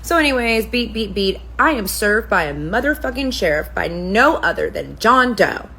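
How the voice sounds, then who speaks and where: A woman's voice: mid-range voice, big pitch swings, normal speed, gravelly, bright, forceful tone, breathy edge, rough recording. A woman who runs a spa, telling a story to camera in a casual, profane rant. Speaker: spa owner, permanent makeup artist.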